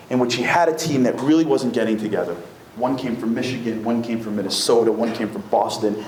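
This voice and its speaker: A man giving a live lecture that tells a story, building to high, emphatic peaks. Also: a little mellow, slight background noise. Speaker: motivational speaker. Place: synagogue lecture hall. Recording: echoey hall with faint room ambience.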